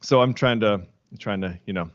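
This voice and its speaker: A man's voice: fairly low pitch, moderate pace, no echo, lo-fi sound. An American man co-hosting a podcast, talking in a rambling, playful way and often restarting his sentences. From United States. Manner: rambling, self-correcting, playful. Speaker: podcast co-host. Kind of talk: casual chat.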